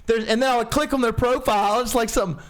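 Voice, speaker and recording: High-voiced animated podcast guy. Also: quick pace. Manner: animated storytelling, swearing, laughing often. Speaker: podcast co-host. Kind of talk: casual chat.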